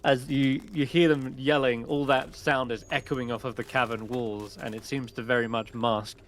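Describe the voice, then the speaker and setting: A man narrating a tabletop game as game master, lively and quick to laugh. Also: mid-range voice.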